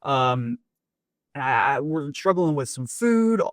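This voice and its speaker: A man's voice: medium pitch, big pitch swings, slow, no echo, clean studio sound. A man voicing a devout elderly churchwoman who keeps insisting, testifying in church.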